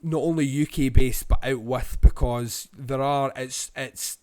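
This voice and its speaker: A Scottish man co-hosting a podcast, giving a rambling film review full of ums and pauses. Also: medium pitch, steady tone, darkish tone, no room sound, clean studio sound. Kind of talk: casual film review chat.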